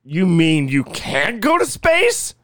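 A man's voice: high voice, wildly swooping pitch, slow pace, a bit bright, no room sound, studio quality. A man co-hosting a casual comedy podcast, laying out absurd theories in a teasing, mock-serious way. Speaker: podcast co-host presenting conspiracy theories.

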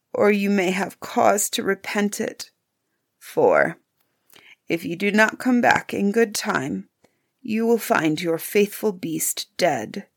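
Brief: woman reading a soft-spoken, solemn male beast for a storybook, lower and quieter than her narration. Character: gentle male beast, grave and kind.

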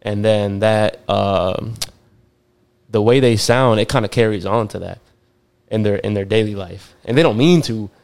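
A young man hosting a podcast, talking casually and haltingly, often restarting his sentences. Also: fairly low pitch, creaky, darkish tone, clean tone. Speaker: podcast host. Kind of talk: casual chat.

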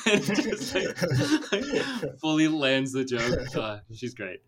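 A man's voice: mid-range voice, big pitch swings, slow pace, hardly any pauses, fairly bright tone. A young man hosting a casual movie podcast, chatty and rambling, with lots of fillers and laughter. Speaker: podcast host. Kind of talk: casual chat.

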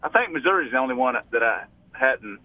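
A man's voice: medium pitch, very animated, brisk, no echo. A man from Alabama with a Southern accent, calling into a radio show and chatting in a rambling way with many restarts. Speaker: radio caller. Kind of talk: casual phone call. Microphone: phone. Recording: tinny phone line.

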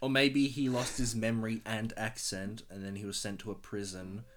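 A man's voice: lowish voice, little pitch movement, moderate pace, a crowd in the background. A man co-hosting a casual film podcast, with a dry, teasing manner. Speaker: podcast co-host.

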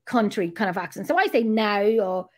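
A woman's voice: medium pitch, animated, normal speed. A woman with a southern Irish accent, chatting casually as a podcast co-host, laughing often and swearing lightly. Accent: Irish, from the south (Drogheda area). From Ireland. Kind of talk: casual chat.

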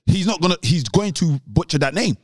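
A man, his voice a little higher than most, argues his point on a podcast. He talks in an animated way, repeating words and laughing. The sound is close and dry. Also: a little fast, no room sound. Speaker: podcast co-host. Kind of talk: casual podcast debate.

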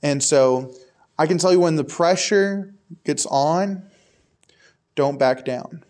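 A man's voice: fairly high pitch, slow, darkish tone. A young man preaching a casual, conversational sermon to a youth group, with frequent asides to the crowd. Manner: casual, repetitive "I can tell you" asides to the crowd.

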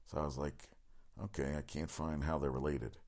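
Rambling, fast-talking, profane man host. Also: extremely low pitch, flat delivery, a little mellow. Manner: rapid, rambling, profane, with many fillers. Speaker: sports talk host. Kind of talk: casual solo sports commentary.

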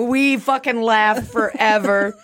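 A woman's voice: fairly low pitch, moderate pace, a crowd in the background. Crude, laughing woman in casual chat. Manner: crude, laughs often, acts out quotes.

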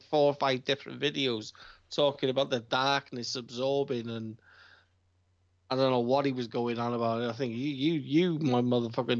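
A man's voice: mid-range voice, dry recording. A man co-hosting a casual wrestling chat, boastful, teasing and profane. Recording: dull muffled audio.

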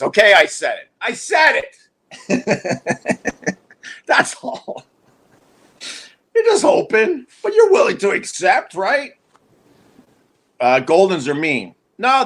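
A man's voice: high voice, fairly bright tone. A man hosting a livestream, telling a long casual story in a restless, self-mocking way, full of restarts and asides. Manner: wry, self-mocking humor. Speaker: livestream host.

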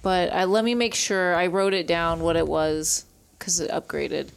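A woman's voice: lowish voice, steady tone, moderate pace, vocal fry, clear, resonant tone. A woman playing a tabletop game as a player, explaining the rules step by step. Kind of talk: casual tabletop game talk.

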